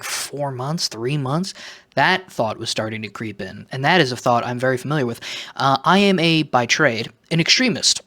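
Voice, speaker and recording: A man talking straight to camera in a confessional vlog, self-mocking, jumping between loud joking outbursts and quiet muttered asides. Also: medium pitch. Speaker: vlogger.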